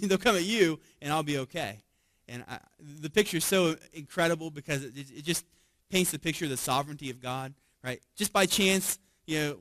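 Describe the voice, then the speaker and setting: A male pastor with a slightly high voice delivers a sermon as lively storytelling. He keeps tagging his points with quick questions to the congregation and chuckles as he goes. The recording is dry and close, with no room echo. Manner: conversational, tags lines with "right?" and chuckles often; animated storytelling with frequent restarts.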